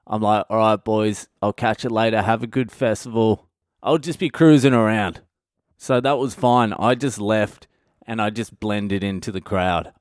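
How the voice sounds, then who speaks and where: A man, hosting his own podcast and telling a wild, sweary anecdote in a casual, animated way. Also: lowish voice, clean tone, dry recording, studio quality. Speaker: comedian podcast host. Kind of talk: casual storytelling monologue.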